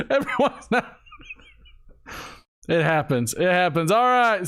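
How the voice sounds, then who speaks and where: A man's voice: high-pitched, big pitch swings, slow pace, pauses often, fairly bright tone. A man hosting a live stream, chatting casually and rambling, laughing often and talking to his viewers. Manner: rambling, giggly, talks to chat. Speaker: host.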